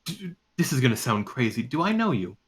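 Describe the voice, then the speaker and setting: A man's voice: medium pitch, very animated, brisk, breathy edge. A man voicing a flirtatious, suspicious gambling woman who quizzes a stranger. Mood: probing.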